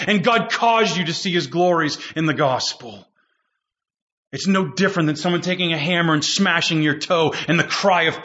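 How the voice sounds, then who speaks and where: Fervent preaching man, bright and urgent. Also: a little high, muffled recording. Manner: preaching with rising fervor, repeating phrases for emphasis. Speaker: pastor. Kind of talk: sermon.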